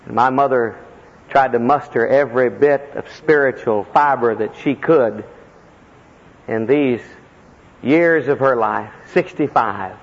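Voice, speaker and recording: A man preaching a sermon as a personal story, impassioned, with sudden leaps in pitch and heavy emphasis. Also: a little slow. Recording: echoey hall, dull lo-fi sound.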